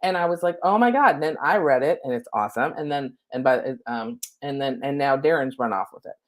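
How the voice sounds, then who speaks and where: A woman's voice: a bass voice, brisk. A middle-aged woman, a spiritual coach, giving a live-streamed lesson from home on her laptop mic, casual, chatty and cheerfully profane.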